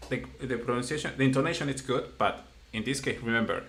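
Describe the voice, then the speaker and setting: A man's voice: medium pitch, fast talker, vocal fry, fairly bright tone. Man teaching patiently. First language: Spanish. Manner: patient, encouraging, repeats praise. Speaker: Spanish teacher. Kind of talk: casual one-on-one language lesson.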